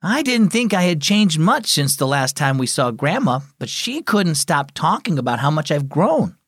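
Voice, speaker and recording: A man's voice: a little high, big pitch swings, moderate pace, a bit bright, husky, dry recording, clean studio sound, full character voice. A man reading as an earnest young boy. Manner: earnest, sincere.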